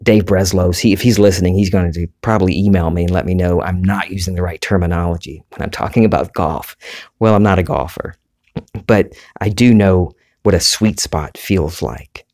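Southern US male host, low-pitched, reflective storyteller, monologue delivery. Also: steady tone, moderate pace, a little mellow. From Deep South, USA. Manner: thoughtful, storytelling, self-reflective.

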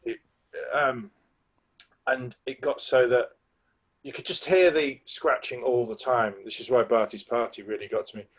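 A man's voice: mid-range voice, fairly even intonation, moderate pace, fairly bright tone. A man from England co-hosting a podcast, telling a rambling story with chuckles and restarts. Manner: rambling, self-correcting, chuckling. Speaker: podcast co-host. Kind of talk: casual chat, storytelling.

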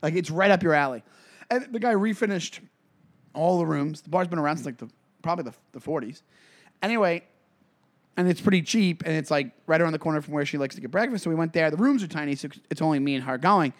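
A man's voice: fairly high pitch, lively intonation, fast talker. A man co-hosting a casual comedy podcast, telling rambling stories with lots of restarts and self-corrections. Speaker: podcast co-host.

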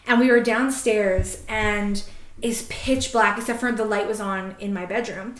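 A woman on a podcast telling a story in a casual, animated way, swearing freely and laughing often. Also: medium pitch, measured pace, roomy sound. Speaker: podcast host.

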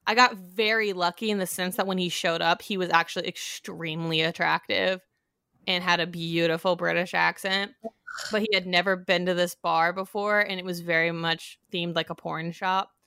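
A woman's voice: lowish voice, steady tone, normal speed, sharp tone, clear, resonant tone, no echo. A young woman co-hosting a podcast, telling a dating story in a casual, chatty way full of fillers. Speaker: podcast co-host. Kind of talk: casual chat.

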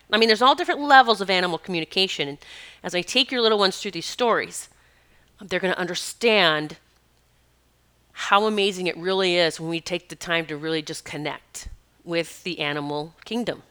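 Bright, crisp-voiced woman telling a story. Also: lowish voice, animated, brisk. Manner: rambling and conversational, with many asides and "you know". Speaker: animal communicator and healer. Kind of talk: personal storytelling.

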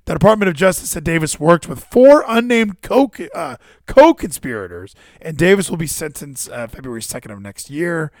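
A man with a high voice that swings up and down all over the place rants at his chat about a news story. He is profane and incredulous, and he speaks close to a dry microphone with no room sound. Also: big pitch swings, moderate pace, few pauses, no room sound. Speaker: streamer reading news to chat. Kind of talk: casual ranting commentary.

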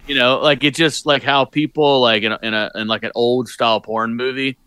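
A man's voice: mid-range voice, fairly even intonation, brisk, sharp tone, clean tone, no room sound. Man bantering crudely on a podcast. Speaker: podcast co-host. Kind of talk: casual chat.

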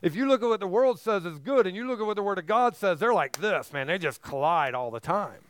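Male pastor, emphatic sermon delivery, high clear voice. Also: animated, fairly quick, dry recording. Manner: emphatic preaching, rising to near-shouts on key phrases.

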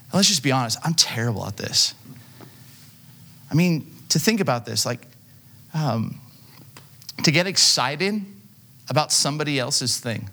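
A pastor preaches casually and conversationally, sharing self-deprecating stories with frequent fillers. His voice is high-leaning, animated and sharp, at normal speed with frequent pauses.

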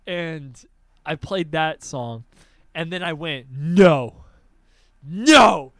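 High, bright young man telling stories. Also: slow pace. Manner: animated storyteller, swears freely. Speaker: podcast host. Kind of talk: casual chat.

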